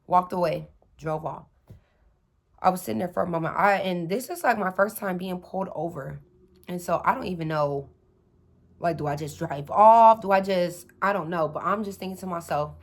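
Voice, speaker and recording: Animated young woman telling a storytime. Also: fairly low pitch, moderate pace. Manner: animated, addresses viewers as y'all, acts out dialogue. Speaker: storytime vlogger. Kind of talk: casual storytelling to viewers.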